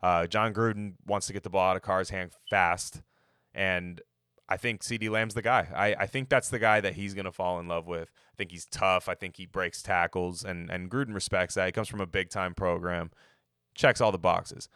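A man's voice: deep voice, fairly even intonation, moderate pace, pushed and bright, clear, resonant tone, dry recording, studio quality. A man giving loose, profane, opinionated football draft takes in a casual podcast ramble. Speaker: NFL mock draft podcaster. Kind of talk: casual sports talk.

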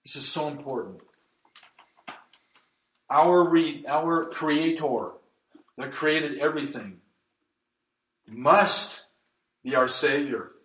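A man's voice: a little high, fairly bright tone, roomy sound, rough recording. A man preaching a sermon as pastor, emphatic and reading scripture aloud.

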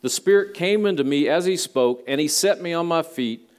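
A man's voice: on the high side, expressive, normal speed. A male pastor giving a conversational sermon in a church, with folksy asides to the congregation. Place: church sanctuary.

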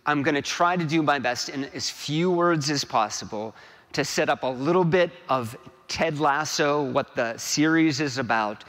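A man's voice: on the high side, a bit bright, big-room sound. A man giving a homily in a church, rambling with many restarts and tag questions.

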